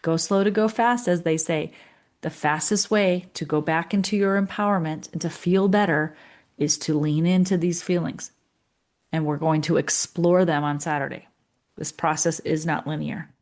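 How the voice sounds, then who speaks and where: A middle-aged woman with a slightly low voice, giving a coaching session. She talks in an earnest, chatty way and slips into the voices of her clients as she goes. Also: fairly even intonation, moderate pace, darkish tone. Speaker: leadership coach.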